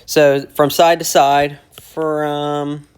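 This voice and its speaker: A man teaching casually, breaking phrases down slowly and repeating them word by word as he explains their meaning. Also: fairly high pitch, little pitch movement, clear, resonant tone. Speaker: language teacher explaining song lyrics. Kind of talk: casual lyric breakdown lesson.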